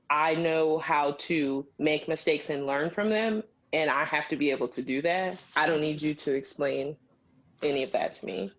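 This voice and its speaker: A woman co-hosting a podcast, telling a story in animated casual chat with slang. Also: sits low. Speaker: podcast co-host. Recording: dull lo-fi sound.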